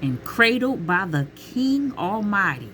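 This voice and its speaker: Middle-aged lady vlogging, slow and bright, lots of honey and child, real emphatic. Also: medium pitch, slight background noise. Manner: emphatic and expressive, calls viewers honey and child; peppers talk with exclamations to God. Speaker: vlogger giving relationship advice. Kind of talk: casual to-camera talk.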